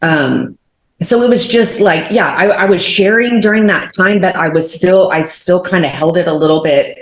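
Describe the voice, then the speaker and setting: Guest, woman in her 40s from Texas, low voice, lively storyteller, recorded in a reverberant room. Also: normal speed. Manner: animated storyteller, many fillers, acts out quotes. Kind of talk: telling a personal faith testimony. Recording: roomy echo.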